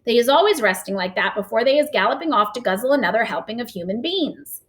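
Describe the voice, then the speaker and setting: A woman's voice: on the high side, animated, quick pace, a bit bright. A woman voicing a friendly male giant who mangles his words, in a storybook read-aloud. The giant speaks with odd grammar and made-up words. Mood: eager.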